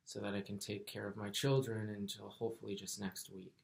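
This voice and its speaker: A man retelling the words of a tearful, struggling young mother in a slow, soft way. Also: fairly low pitch, little pitch movement, vocal fry. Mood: resolute.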